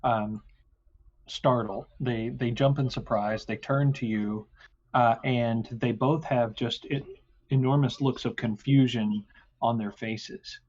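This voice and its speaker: A man narrating a tabletop game as game master, halting and full of fillers, in slightly muffled audio. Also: medium pitch, fairly even intonation, darkish tone.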